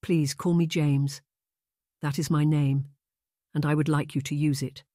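Man playing a young aristocrat, gentle, insistent, slow, soft, low-spoken, dry sound. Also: little pitch movement, no room sound, close to an everyday voice. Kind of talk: audiobook character voice.

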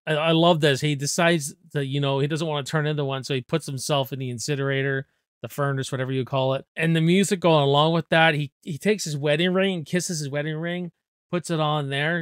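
A movie review host in his forties chats enthusiastically about films, swearing freely in a relaxed, casual manner. His smooth, clear voice sits a little high for a man and is recorded close and dry, with no echo.

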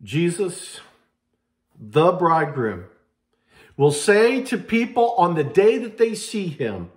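A man's voice: high voice, very animated, takes it slowly. A man preaching a sermon as pastor, dramatic and acting out quoted voices.

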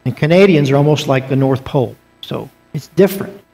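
A man's voice: medium pitch, a little fast, gravelly, darkish tone. A man teaching a Bible class in a church auditorium, conversational, with joking asides, reading scripture aloud. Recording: long reverb of a church auditorium.

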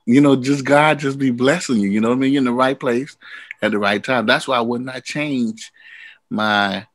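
A man who is a singer-songwriter guest, telling animated, rambling stories in a casual interview. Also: mid-range voice, normal speed, no echo. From United States.

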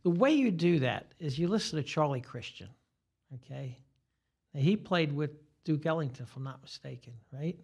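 An older man, a guitar teacher, talking in a relaxed podcast chat and rambling through examples as he explains. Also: fairly high pitch, moderate pace, gravelly, husky. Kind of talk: casual podcast conversation.

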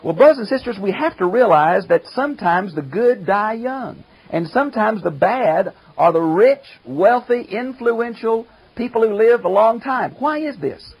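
An older man and pastor teaching a Bible commentary lecture, emphatic, slowing down to stress quoted verses. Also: sits high, expressive, creaky, breathy edge, highs cut off.

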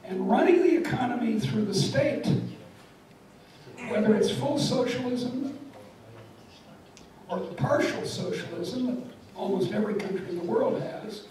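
A woman's voice: medium pitch, lively intonation, measured pace, pauses often, crowd noise. An older woman giving a public lecture, wry and emphatic, telling stories and jokes. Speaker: guest lecturer. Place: lecture hall. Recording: echoey lecture hall from far off.

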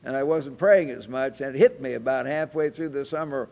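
Gravelly old man preaching in a hall. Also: mid-range voice, a little fast, darkish tone. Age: 80s. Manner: folksy anecdotal storytelling with chuckles. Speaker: church evangelist preaching. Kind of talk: sermon. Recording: reverberant hall sound.

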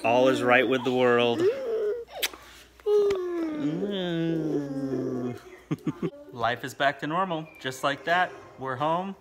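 A man's voice: a little high, sing-song, drawn-out words, long pauses, heavy background noise. A man hosting a family vlog at home, a father talking casually to the camera with joking, self-mocking asides.

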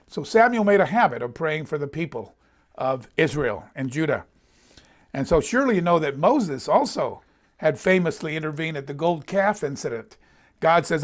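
A man's voice: on the high side, lively intonation, moderate pace. A man teaching a sermon, reading scripture aloud and commenting on it, voicing the quoted lines with emphasis. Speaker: Bible teacher. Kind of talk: conversational sermon. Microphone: presenting in front of a board.

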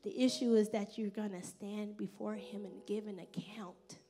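A woman pastor giving an expressive, conversational sermon at a church service. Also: medium pitch, normal speed, music in the background.

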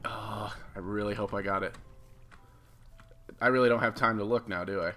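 A young man giving jokey, excitable commentary on his own game as he plays. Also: fairly low pitch, moderate pace. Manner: excitable, jokey, self-mocking. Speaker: gaming video host. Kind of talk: casual gameplay commentary.

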